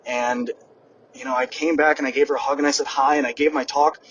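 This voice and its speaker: A young man hosting a podcast and giving a lively motivational monologue, speaking straight to his listeners. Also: mid-range voice, a little fast, highs cut off. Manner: energetic, addresses listeners directly. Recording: distant mic with background noise, poor audio.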